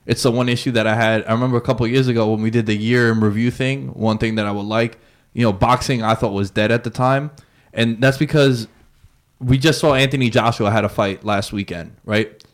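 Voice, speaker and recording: Brief: male podcast co-host, mid-pitched, loose and slangy sports talk. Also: steady tone, fairly quick. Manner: slangy, rambling. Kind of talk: casual sports chat.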